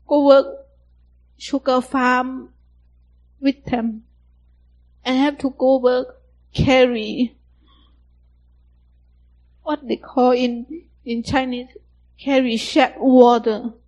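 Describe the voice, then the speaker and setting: Young woman, slow halting testimony, simple English. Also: sits high, a little mellow, muffled recording. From Thailand. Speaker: survivor giving testimony. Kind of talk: personal testimony.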